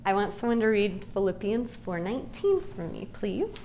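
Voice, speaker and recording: A woman's voice: mid-range voice, big pitch swings, a little mellow, a little hiss or hum. A woman in her forties giving a personal, earnest Bible teaching talk to a group, speaking in a confessional way. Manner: earnest, confessional, slow and deliberate. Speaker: speaker at a Christian women's gathering.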